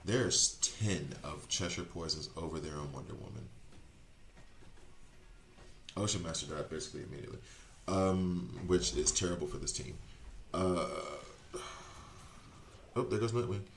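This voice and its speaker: A man streaming a video game, chatting casually and rambling as he second-guesses his choices out loud. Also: low voice, normal speed, pauses often, reverberant, slight background noise. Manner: chatty, rambling, self-correcting. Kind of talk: casual gameplay commentary.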